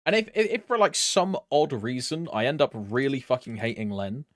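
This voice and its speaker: A man's voice: medium pitch, lively intonation, moderate pace, no room sound, clean studio sound. A young British man streaming a game, chatting loosely with viewers, rambling and swearing casually. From Britain. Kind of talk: casual live-stream chat.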